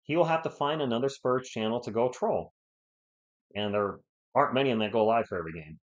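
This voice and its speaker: A man from New England hosting a live sports stream, giving play-by-play and answering viewers in an excitable, fired-up way. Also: medium pitch, a little fast, dull audio. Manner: excitable, fired-up, talks straight to chat viewers. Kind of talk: live play-by-play commentary and chat replies.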